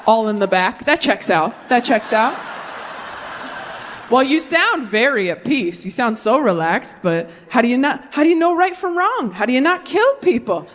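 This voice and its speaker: Woman doing stand-up, high-pitched, deadpan. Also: slight background noise. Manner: quick deadpan punchlines, high animated voices for quoted people. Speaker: stand-up comedian. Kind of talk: stand-up comedy set. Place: comedy stage before a live audience.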